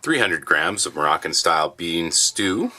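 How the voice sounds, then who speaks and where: A man casually reviewing military rations in his basement, chatty and relaxed with plenty of fillers. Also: low-pitched, unhurried, a little hiss or hum. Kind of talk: casual food review vlog. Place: home basement.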